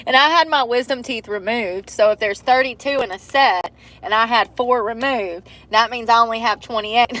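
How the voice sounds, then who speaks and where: A woman's voice: fairly high pitch, moderate pace, fairly bright tone. A woman chatting casually into her phone outdoors by the water, swearing freely and laughing often. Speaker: vlogger. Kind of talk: casual outdoor vlog chat. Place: outdoors by the water on a cold day.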